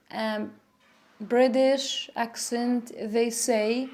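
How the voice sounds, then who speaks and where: A woman with a fairly high, mellow voice teaches English pronunciation, speaking very slowly. She repeats each example word and drills sounds for her learners. Her first language is Arabic. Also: vocal fry. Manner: slow, repetitive, demonstrating sounds.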